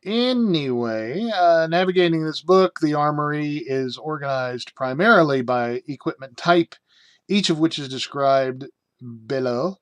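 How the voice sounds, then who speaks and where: A man's voice: a little high, measured pace, a bit bright, clear, resonant tone, dry recording. Rambling middle-aged man. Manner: rambling, with frequent fillers and self-amused asides. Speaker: game reviewer. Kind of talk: casual spoken review.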